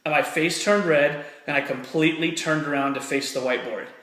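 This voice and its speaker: Earnest male motivational speaker, high-pitched, emphatic and repetitive, echoey room. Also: steady tone, a little fast, a bit bright. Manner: earnest, fired-up, repeats phrases for emphasis. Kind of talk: personal story and motivational talk to camera.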